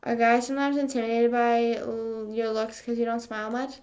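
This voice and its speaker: A young woman livestreams and chats casually with her viewers, sarcastic and swearing, with plenty of fillers. Her voice is fairly high and darkish, delivered flatly at a slightly quick pace.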